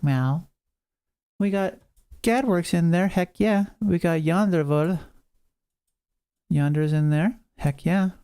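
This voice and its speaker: Playful streamer, gravelly tone, hyped race-caller delivery. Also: medium pitch, dark tone. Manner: playful, hyped announcer bursts, meows. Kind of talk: live stream chat and playful race commentary.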